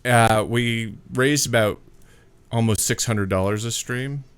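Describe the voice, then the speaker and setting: A man's voice: medium pitch, slow, clear, resonant tone. A man co-hosting a casual live stream, telling stories in an easygoing way. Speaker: co-host of a live-streamed comedy show. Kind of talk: casual chat.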